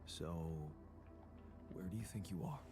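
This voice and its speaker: An actor playing a patient man in a video game who calmly reassures and guides his newly made double in a measured, soothing way. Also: low-pitched, music in the background. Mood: reassuring. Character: calm male creator, patient, reassuring guide.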